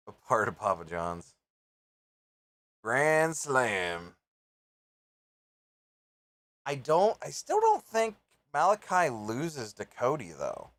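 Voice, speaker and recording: A man hosts a live reaction show in an easygoing, rambling way, musing aloud between matches. His delivery is slow and unhurried, and his pitch swings up and down a lot. The sound is close and dry, with no room echo. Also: a bit bright. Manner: rambling, offhand, thinks aloud with fillers. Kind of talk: casual live reaction commentary.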